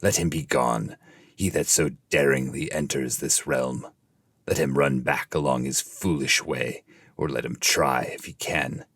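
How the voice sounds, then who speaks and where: A man's voice: extremely low pitch, measured pace, a bit bright, breathy edge, dry recording, full character voice. A man reading the lines of angry fallen angels guarding a gate, scornful and commanding. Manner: scornful, commanding verse speech.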